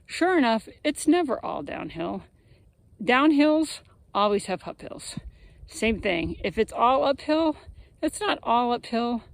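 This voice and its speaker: A woman's voice: medium pitch, a little slow, no room sound, rough recording. A woman vlogging outdoors on a mountain trail, chatty and upbeat as she tells how the hike is going. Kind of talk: casual outdoor vlog.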